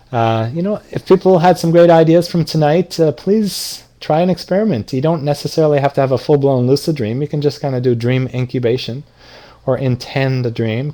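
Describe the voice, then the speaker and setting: A middle-aged man with a soft, mellow voice tells a dream to a live audience in easy conversational speech. He jumps into quoted lines with a lifted, livelier voice, then settles back into the story. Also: mid-range voice. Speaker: lucid dreaming teacher. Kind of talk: casual talk retelling a dream to an audience.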